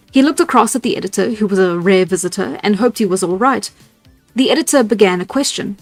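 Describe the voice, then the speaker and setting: A storyteller streamer reads a classic novel aloud live, her medium-pitched voice moving fairly quickly. She laughs at her own character voices in little asides, with soft music playing behind her.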